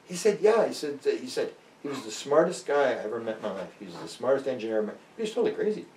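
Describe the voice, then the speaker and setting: A man's voice: medium pitch, sing-song, rapid-fire, a little mellow, a little hiss or hum. An older man, a guest author rambling through stories with many restarts and acted-out quotes. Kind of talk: rambling storytelling interview. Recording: roomy and distant.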